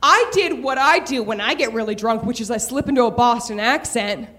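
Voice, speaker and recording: A woman's voice: a little high, brisk, sharp tone. A young woman telling a candid, profane personal story on stage, building to comic rants.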